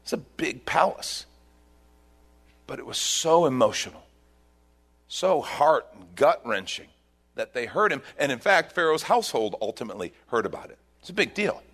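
A man's voice: medium pitch, moderate pace, slightly rough. Man preaching a story-driven sermon. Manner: animated storytelling, retelling scripture with emphatic rises. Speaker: pastor.

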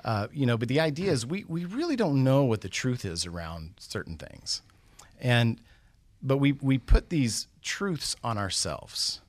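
A middle-aged guest speaker, his voice mid-range and a little slow, recounts a motivational story in an animated way with no room sound. He keeps his listeners in suspense by asking them questions.

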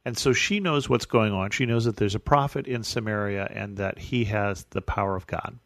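A man reading a Bible passage aloud, then explaining it in a relaxed, conversational way as a study teacher. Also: fairly low pitch, moderate pace, no room sound. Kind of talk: scripture reading and teaching commentary.

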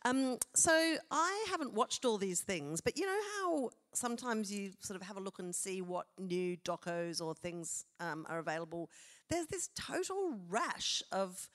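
A woman's voice: mid-range voice, big pitch swings, unhurried, a bit bright. Rambling woman co-host. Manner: chatty, rambling, with many fillers and self-interruptions. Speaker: podcast co-host. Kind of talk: casual chat on stage. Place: theatre stage, live show.

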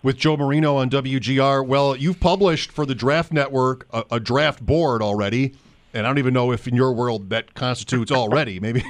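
A man's voice: medium pitch, normal speed. Chatty sports radio host, a man.

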